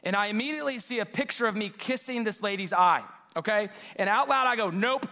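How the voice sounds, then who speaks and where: A young adult man preaching a sermon, telling a story with quoted dialogue in an animated, self-mocking way. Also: high voice, quick pace. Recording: live reverberant hall.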